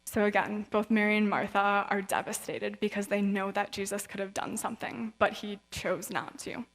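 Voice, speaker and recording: A woman's voice: medium pitch, steady tone, normal speed, a bit bright. A woman guest speaker giving a conversational sermon with Bible readings, chatty and casual, now and then acting out the voices of people in the story. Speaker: guest speaker at a young adult event. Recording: reverberant hall sound.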